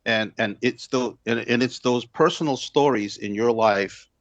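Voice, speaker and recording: A man in his sixties, a pastor and guest, telling stories in a measured way and acting out the dialogue. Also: mid-range voice, dry recording, muffled recording. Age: 60s. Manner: measured storyteller who acts out dialogue. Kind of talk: storytelling in an interview.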